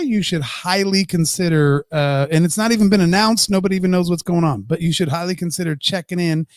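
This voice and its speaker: A man's voice: high-pitched, a little fast, hardly any pauses, no room sound. Male podcast co-host, ranty and profane, bone-dry close mic. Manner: ranting, swears freely. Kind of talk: casual live-stream chat.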